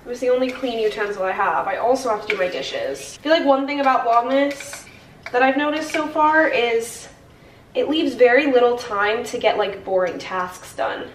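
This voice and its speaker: A woman's voice: on the high side, moderate pace. Chatty young woman vlogging from a distance. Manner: chatty, talks straight to camera, lots of "like". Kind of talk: casual vlog chat. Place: at home in an apartment. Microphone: camera mic. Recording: roomy, from a distance, faint noise.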